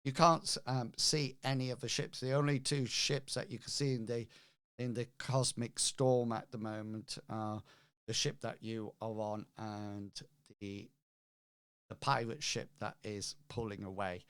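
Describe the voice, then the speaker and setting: A man narrating a tabletop game as game master, slow and halting with fillers. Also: mid-range voice, steady tone, a bit bright, smooth, dry recording, clean studio sound.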